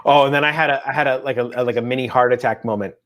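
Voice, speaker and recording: A man in his thirties co-hosting a casual chat show, telling animated family stories and slipping into quick impressions. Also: mid-range voice. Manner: chatty, animated storytelling with voiced impressions. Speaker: podcast co-host.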